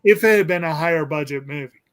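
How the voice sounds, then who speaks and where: A man's voice: fairly high pitch, fast talker, fairly bright tone. A man hosting a casual movie discussion, rambling and hesitant with lots of ums and restarts. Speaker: podcast host.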